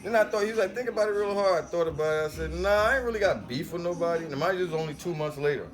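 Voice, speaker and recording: Dude telling a wild story on a podcast, quick talker, acts out every voice, music in the back. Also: male voice, on the high side. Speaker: podcast guest. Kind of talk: storytelling in casual chat.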